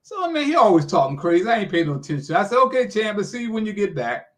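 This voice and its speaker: High-voiced older man telling stories. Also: sing-song, quick pace, a bit bright. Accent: American. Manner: folksy, says "man" often, acts out quotes. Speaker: sports radio personality, guest. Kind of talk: animated storytelling.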